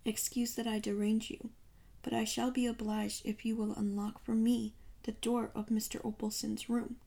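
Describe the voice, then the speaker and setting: A woman's voice: fairly high pitch, flat delivery, normal speed, gravelly, dark tone. A woman voicing a fussy elderly male detective who speaks precisely and drops in French phrases. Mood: calm, superior. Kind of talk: audiobook character reading.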